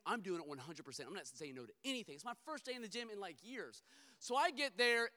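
A man's voice: high voice, pushed and bright. A middle-aged man preaching a sermon, emphatic and rhythmic, slipping into humorous personal storytelling. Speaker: pastor.

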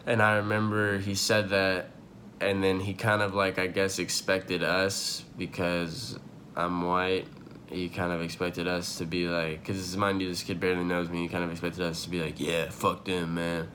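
Young man, deep voice, casual profane storyteller, light background hum. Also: little pitch movement, normal speed, sharp tone. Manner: rambling, profane, filler-heavy with many likes. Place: home room.

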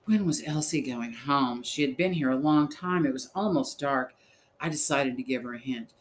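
A man narrating a story in the first person, reading in a measured, steady way. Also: medium pitch, a little hiss or hum, rough recording. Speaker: audiobook narrator.

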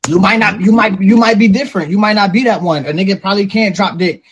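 A man talking casually as a podcast co-host, animated and profane, acting out little quotes as he argues his point. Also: sits high, a little fast, husky, dull audio. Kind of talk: casual chat.

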